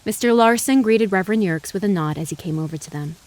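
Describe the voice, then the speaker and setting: A woman giving measured, dramatic audiobook narration of a western novel. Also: medium pitch, darkish tone. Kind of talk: scripted narration.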